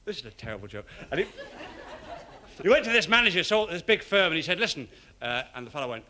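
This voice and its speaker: A man's voice: fairly high pitch, sing-song, quick pace, sharp tone. A man telling silly stand-up jokes and laughing at his own punchlines. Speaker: stand-up comedian.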